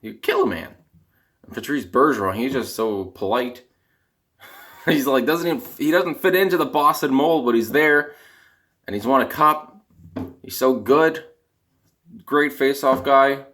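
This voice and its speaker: A young Canadian man, a vlogger and hockey fan, rants casually to camera, rambling in a dejected, exasperated way as his voice cracks now and then. His voice is mid-range and a bit bright, delivered at a measured pace with long pauses.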